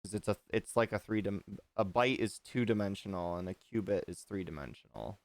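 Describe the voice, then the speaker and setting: A man's voice: fairly low pitch, a little fast, dry recording. A man hosting a livestream, chatting casually, rambling and restarting his sentences, with an occasional swear. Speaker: livestream host.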